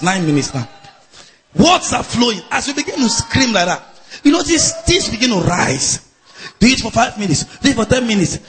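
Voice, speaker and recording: A man preaching a sermon to a live congregation, laughing out loud and shouting chanted refrains. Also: high voice, a little hiss or hum.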